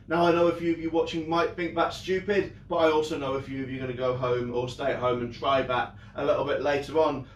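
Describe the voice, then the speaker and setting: A young man with a fairly high voice, carrying a slight hiss or hum, teaches kids a magic trick over a live stream from a room at home. He entertains children and keeps the online lesson playful and jokey. The mic sits at a distance, giving a roomy echo.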